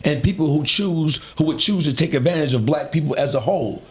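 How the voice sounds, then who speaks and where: A man arguing forcefully and preachily, with profanity, on a morning talk show. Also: a little high, lively intonation, brisk. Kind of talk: heated casual talk show debate. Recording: echoey room.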